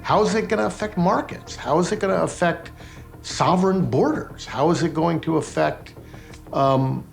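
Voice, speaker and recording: A man with a gravelly, slightly higher voice reflects aloud in a documentary interview. He strings together rhetorical questions one after another. Faint music plays under him. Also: normal speed.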